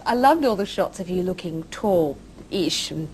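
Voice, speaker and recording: A woman's voice: on the low side, expressive, measured pace, a little mellow, a little hiss or hum, low-quality recording. A woman interviewing a guest, asking teasing, playful questions in casual chat.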